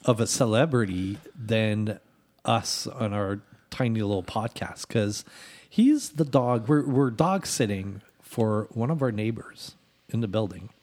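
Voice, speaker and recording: A man's voice: on the low side, animated, unhurried, darkish tone. A man hosting a podcast, talking in an easygoing way with many filler words. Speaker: podcast host. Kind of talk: casual chat.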